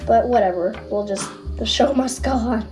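A woman hosting a reaction video in casual chat with viewers, giggly and full of fillers, her voice a little rough from being sick. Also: fairly high pitch, normal speed, music in the background, low-quality recording. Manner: giggly and chatty, many fillers.

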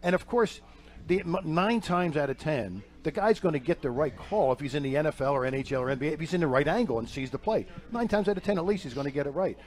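A man's voice: a little high, expressive. A man, a retired basketball referee, talking casually on a sports radio panel with many restarts. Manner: halting, restarts often.

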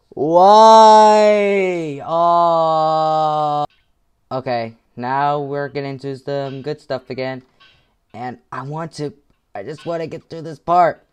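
A man giving gameplay commentary with headphones on, muttering to himself and swinging into frustrated yelling. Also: medium pitch. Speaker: gaming video creator.

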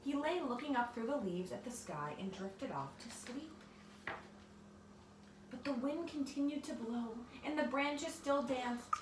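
A woman reading a picture book aloud to a child in an expressive way, with asides to the listener, recorded far off in an echoey room with noise. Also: sits high. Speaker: storybook reader.

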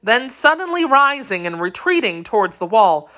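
A woman narrating a classic novel as an audiobook, in a measured, dramatic storytelling manner. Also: a little high, very animated, fairly bright tone.

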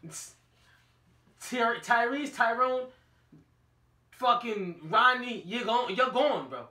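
A man co-hosting a casual boxing podcast, talking loud and profane, teasing and laughing a lot. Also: very high voice, expressive, slow, recorded from a distance. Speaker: podcast co-host. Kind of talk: casual banter about boxing. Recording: roomy sound from away from the mic.

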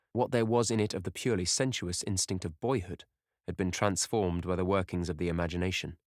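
Audiobook: male narrator, deep and steady, dry close recording. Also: dry recording. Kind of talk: scripted narration.

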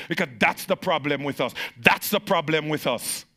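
Here a male pastor is preaching to the congregation. He leans on emphatic repetition, alternating between shouting at the high points and dropping into slow, low phrases.

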